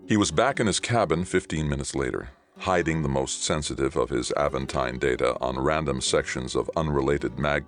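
A man giving steady, scripted audiobook narration. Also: very deep voice.

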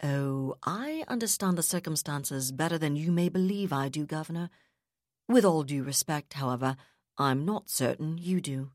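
A woman voicing an unflinching male naval captain who speaks calmly, firmly and in measured terms. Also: deep voice, no room sound, clean studio sound, lightly acted. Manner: calm, firm, measured.

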